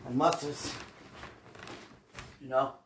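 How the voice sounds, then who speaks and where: A former minister in an emotional live chat, overwhelmed and distressed, murmuring prayers to calm down. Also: medium pitch, slow. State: distressed, tense. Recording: noisy recording with clicks.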